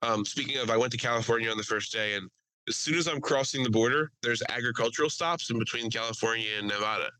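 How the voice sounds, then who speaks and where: A young man telling stories on a casual podcast, talking loud, swearing freely and laughing often. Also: mid-range voice, fast, no echo, low-quality recording. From Delaware County, Pennsylvania. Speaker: podcast host.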